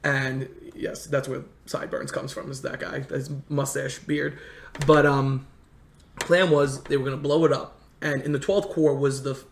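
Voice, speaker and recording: A man in casual conversation telling history stories in a halting way, full of restarts. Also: mid-range voice, flat delivery, vocal fry, slight background noise. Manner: rambling, halting history storyteller with many restarts. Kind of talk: casual storytelling chat. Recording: echoey room.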